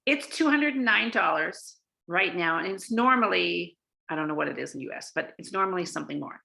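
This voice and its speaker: Chatty woman with a gravelly, bright voice. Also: fairly low pitch, animated, fairly quick. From Canada. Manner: chatty, many fillers and restarts. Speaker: sales trainer. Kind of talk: casual training talk.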